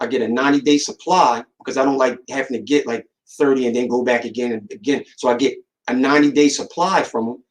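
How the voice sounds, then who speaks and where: A man hosting a podcast, telling a story in an emphatic, repetitive way that grows animated when he recounts a conversation. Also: low-quality recording. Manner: animated, rising in pitch when recounting dialogue. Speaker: podcast host. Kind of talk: casual storytelling monologue.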